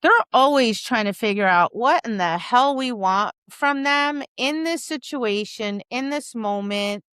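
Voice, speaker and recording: A woman dog trainer co-hosting a podcast, talking in an animated casual chat, often asking "right?" and acting out quoted lines. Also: on the high side, unhurried, clear, resonant tone, no room sound, clean studio sound. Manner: frequent "right?" and "like".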